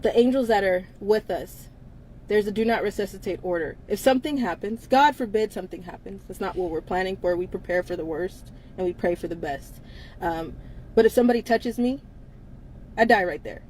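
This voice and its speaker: A woman's voice: mid-range voice, brisk, a little mellow, slight background noise, rough recording. A woman hosting a casual livestream, talking bluntly with frequent swearing and laughter. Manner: blunt, profane, laughs often between lines. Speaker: livestream host.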